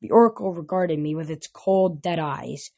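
A woman narrating a novel aloud in a plain, steady reading voice. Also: deep voice, normal speed, gravelly.

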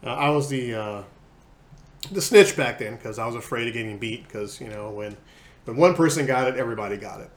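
A man in his forties hosting a casual interview, talking in halting bits with many fillers. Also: medium pitch, animated. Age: 40s. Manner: hesitant, many fillers, laughing along. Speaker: interview host. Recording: roomy echo, faint noise.

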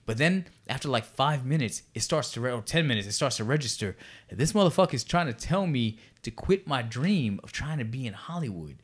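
A man in his forties, of Puerto Rican heritage, telling a story in casual chat, profane and animated. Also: medium pitch, brisk, slightly rough. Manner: profane, animated, lots of restarts. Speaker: podcast guest.

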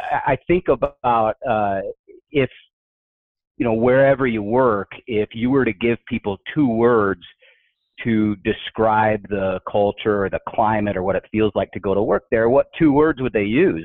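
In a casual podcast conversation, a mid-range male voice relays humorous workplace anecdotes, animatedly acting out the voices he quotes. The audio is dry and tinny, like a phone line.

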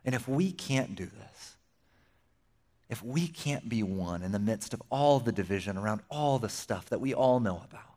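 A young man preaching a sermon as pastor, conversational and animated, slipping in playful asides. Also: fairly low pitch, moderate pace.

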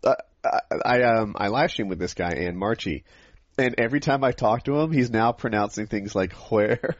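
A man with a general American accent chatting casually as a podcast co-host, excitable and quick to burst into surprise. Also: on the low side, no echo. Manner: excitable, jumps to loud surprise. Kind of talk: casual chat. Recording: dull lo-fi dry recording.

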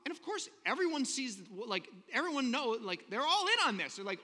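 A man preaching a sermon, telling a story in an animated, joking way with little voices for the characters. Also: very high voice, moderate pace, few pauses. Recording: long hall reverb.

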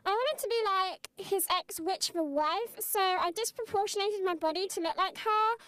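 A woman's voice: moderate pace, a bit bright. A woman putting on the voice of a ditzy young female celebrity, leaving a rambling voicemail full of "like". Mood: ditzy, pleading. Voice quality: high, breathy-girly delivery with constant "like". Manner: rambling prank-message voicemail.

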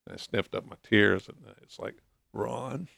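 A man guest in a talk show interview, telling a personal story in a halting, soft-spoken way. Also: lowish voice, dry recording, studio quality. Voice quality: gravelly.

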